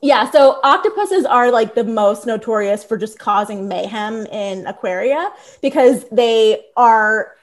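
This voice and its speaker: A woman in her thirties with a Philadelphia accent, a squid biologist telling stories in a casual podcast chat, lively and full of "like" fillers. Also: fairly high pitch, a little slow. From Philadelphia area.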